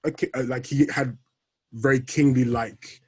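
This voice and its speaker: A man co-hosting a podcast, chatting casually and halting, repeating words before landing his point. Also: mid-range voice, fairly even intonation, slightly rough. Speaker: podcast co-host. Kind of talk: casual chat.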